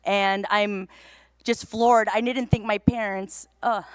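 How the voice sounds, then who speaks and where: A woman gives an acceptance speech while close to tears, her words halting and full of emotion. Her voice sits in the middle range and sounds dry and close. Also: medium pitch, steady tone, clear, resonant tone, dry recording. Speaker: award recipient.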